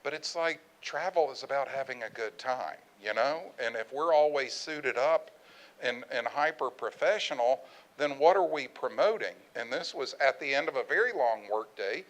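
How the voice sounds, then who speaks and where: A middle-aged man speaking at a presentation about his research business, telling lively anecdotes and acting out what others said. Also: medium pitch, normal speed, poor audio. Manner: animated storyteller, acts out quoted voices. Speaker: conference speaker, research firm owner.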